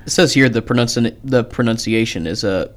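A man co-hosting a casual radio show, reading looked-up facts aloud in a steady way. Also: medium pitch, brisk.

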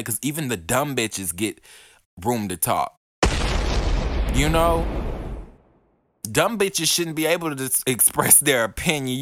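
A man's voice: mid-range voice, fairly bright tone, no echo, clean studio sound. A young man, ranting profanely and hurling mocking insults in a casual podcast monologue. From Alabama. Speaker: podcast host.

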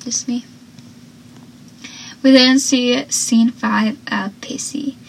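A woman's voice: fairly high pitch, steady tone, drawn-out words, vocal fry, slightly rough, low-quality recording. A woman chatting casually through a TV episode recap, full of "like"s and acting out the characters' lines. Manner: chatty, many "like"s, acts out quotes.

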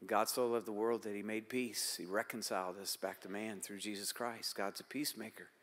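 A man's voice: on the low side, fairly even intonation, fairly quick, a bit bright. An older man, a pastor, preaching a sermon and asking the congregation rhetorical questions while quoting prayers aloud. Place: church sanctuary. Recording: long hall reverb.

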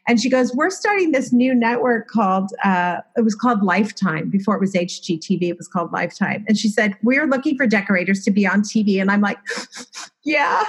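A middle-aged woman spinning stories with candid, self-mocking humor. Her pitch sits mid-range for a woman. She has the easy rhythm of a guest swapping tales in a relaxed chat. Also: quick pace, hardly any pauses, husky. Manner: candid, self-deprecating, lively storyteller. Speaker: guest, designer and former TV host. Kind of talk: casual storytelling interview.

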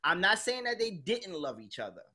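A woman's voice: on the low side, big pitch swings, normal speed, pushed and bright, husky. A woman hosting a podcast, chatting casually in a blunt, emphatic way and swearing freely. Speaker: podcast host. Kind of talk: casual chat.

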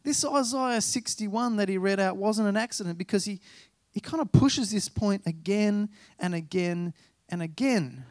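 High-voiced pastor telling stories. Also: male voice, moderate pace, few pauses, no echo. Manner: chatty, self-deprecating, acts out dialogue. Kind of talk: sermon with personal storytelling.

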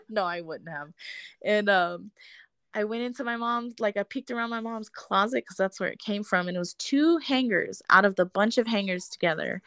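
A woman's voice: medium pitch, pushed and bright, no room sound, studio quality. A woman in casual conversation, telling a personal story with frequent laughs and free swearing. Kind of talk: casual chat.

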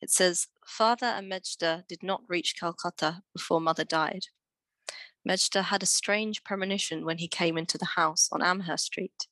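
A woman's voice: lowish voice, moderate pace, dry recording. A woman reading a passage aloud expressively in a casual group discussion, then commenting on it. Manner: expressive reader.

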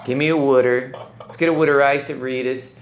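A man putting on a rowdy Philadelphia accent as an excitable local guy craving food. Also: medium pitch, fairly quick, reverberant, voice pushed up, close to an everyday voice. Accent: put-on Philadelphia.

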